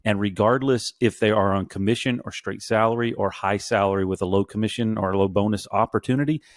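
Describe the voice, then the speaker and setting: A man with a lowish voice speaks on a business podcast, close on a studio mic in a dry room. He works through his points slowly and deliberately, stopping and restarting sentences as he goes. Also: steady tone, no echo. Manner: measured, halting, restarts sentences. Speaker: podcast co-host. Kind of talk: casual business chat.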